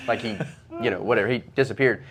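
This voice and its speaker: A man's voice: lowish voice, quick pace, fairly bright tone. A man who is a guest on a podcast, talking in an easygoing way and laughing often. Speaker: guest, pipe-smoking YouTuber. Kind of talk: casual interview chat.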